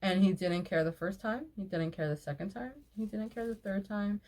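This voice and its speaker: A woman's voice: medium pitch, moderate pace, darkish tone. Woman host, mid-range voice, casual post reading with blunt, exasperated asides and frequent laughter. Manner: outspoken and exasperated, swears, laughs often between remarks. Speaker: online video host reading reader posts. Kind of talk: reading posts aloud and reacting with casual commentary.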